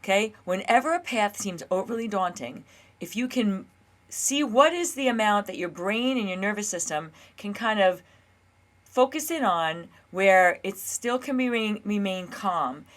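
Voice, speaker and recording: A woman's voice: medium pitch, lively intonation, moderate pace. A woman in her fifties, a health coach hosting her own show, talking casually and earnestly, sometimes acting out her own inner dialogue. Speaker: health and weight loss coach, show host. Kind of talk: casual solo talk to camera.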